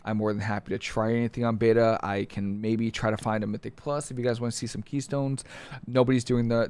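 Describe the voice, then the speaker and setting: A man's voice: fairly low pitch, darkish tone. A man giving casual, rambling commentary on game patch notes, restarting sentences often and stating his likes and dislikes plainly.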